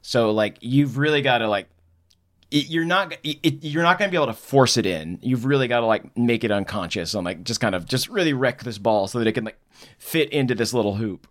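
A man's voice: medium pitch, lively intonation, brisk. A man co-hosting a podcast in casual comedic chat, rambling and laughing between jokes. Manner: rambling, laughing, self-interrupting. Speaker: podcast co-host.

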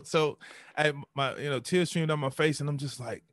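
Man, thirties, podcast guest, emotional storytelling, bursts of animated re-enacting, dry close sound. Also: on the high side, moderate pace, no echo. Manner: animated, acts out his own past voice.

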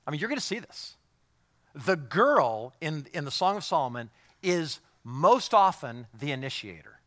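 A middle-aged man, a pastor, preaching a sermon in a lively, joking way and acting out voices of the people he talks about. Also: on the high side, moderate pace. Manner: animated, jokey, acts out quoted voices.

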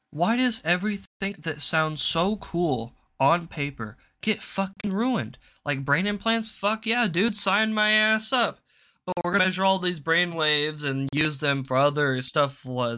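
A young man hosting a political commentary show, ranting angrily and profanely with sudden loud outbursts. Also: on the high side, animated, takes it slowly. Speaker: host.

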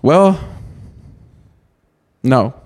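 A man's voice: medium pitch, expressive, very slow, darkish tone. A young man from Texas telling a rambling, restart-filled story in casual podcast chat, peppering it with "dude". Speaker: podcast co-host.

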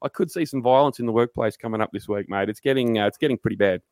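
A young Australian man co-hosting a podcast tells workplace stories, swearing freely and mimicking his coworkers in casual chat. His mid-range voice is fast and a little mellow, captured in clean studio sound with no room echo.

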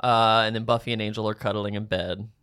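A man's voice: fairly low pitch, fairly even intonation, brisk. A man co-hosting a podcast in casual chat, laughing often while recapping scenes. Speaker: podcast co-host.

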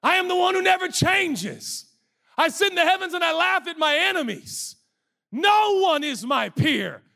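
Brief: sovereign loving male God, played by a man, high and lively. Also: moderate pace, creaky, exaggerated voice. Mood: declaring. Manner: declaring, emphatic.

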